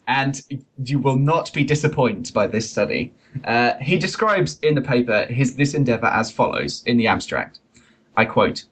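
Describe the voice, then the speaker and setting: A man's voice: medium pitch, sing-song, moderate pace, fairly bright tone, husky, poor audio. A man hosting a comic science podcast, wry and pun-loving, reading from a study. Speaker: podcast host.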